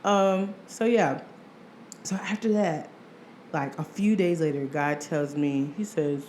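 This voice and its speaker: A woman's voice: low-pitched, slow, a little hiss or hum. A young adult woman hosting her podcast, telling a casual personal story with lots of laughter and acted-out quotes. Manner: animated, laughs often, acts out quoted voices. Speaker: podcast host.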